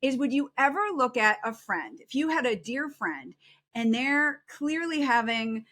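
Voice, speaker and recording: A middle-aged woman psychologist speaks as a podcast guest with a fairly high voice. She talks earnestly and with animation, and her advice comes across as heartfelt. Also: a little slow. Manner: earnest, animated, acts out quoted self-talk. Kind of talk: podcast interview, advice-giving.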